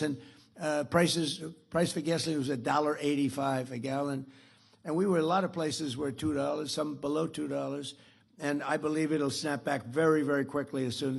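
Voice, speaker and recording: A man's voice: a little high, creaky. A man in his seventies giving a rambling, boastful after-dinner speech at a podium, restarting sentences and adding asides. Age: 70s. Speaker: speaker at a club dinner. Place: dinner event.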